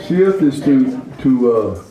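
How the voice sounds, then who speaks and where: A man's voice: mid-range voice, sing-song, slow pace, dull audio. Man coaching pronunciation from the room. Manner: coaches pronunciation with short, firm answers. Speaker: student. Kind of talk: class exchange. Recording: roomy class recording from far off, with a crowd behind.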